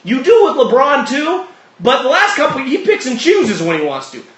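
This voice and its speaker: A man's voice: extremely high pitch, big pitch swings, normal speed, fairly bright tone. A man hosting a sports talk show, delivering a blunt, profane, heated monologue. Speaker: sports podcast host. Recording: roomy echoey room.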